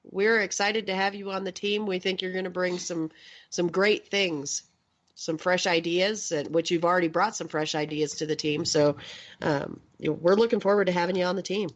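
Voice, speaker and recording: Low-voiced woman telling a ghost story. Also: moderate pace. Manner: chatty storytelling, relaxed. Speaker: paranormal investigator, guest. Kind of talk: casual radio interview. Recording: lo-fi internet radio audio.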